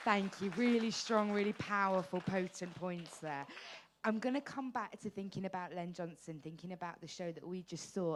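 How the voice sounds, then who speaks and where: A woman leading a group discussion, friendly and encouraging as she invites people to speak. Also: lowish voice. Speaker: workshop facilitator.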